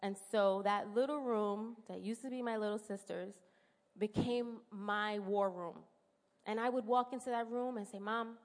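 A woman in her thirties with a New York accent, giving an earnest, emotional personal testimony in church. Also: medium pitch. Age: 30s. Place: church sanctuary. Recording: long hall reverb in church.

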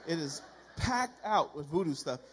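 A man preaching a sermon in a conversational, animated storytelling way, acting out the dialogue he quotes. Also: fairly high pitch, unhurried, a little hiss or hum.

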